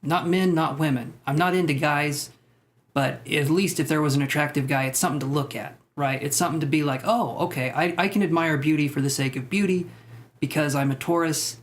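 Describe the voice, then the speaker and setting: A man's voice: on the high side, fairly even intonation, fairly quick. A young man hosting a live stream, chatting casually with viewers and rambling with self-deprecating jokes. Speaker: tarot livestream host. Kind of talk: casual live-stream chat reading comments.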